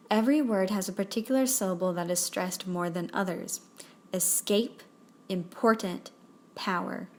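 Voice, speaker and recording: Brief: young female tutorial host, measured scripted delivery, clear and even. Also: on the high side. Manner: clear, measured, reads out terms and examples one by one. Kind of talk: scripted explainer narration.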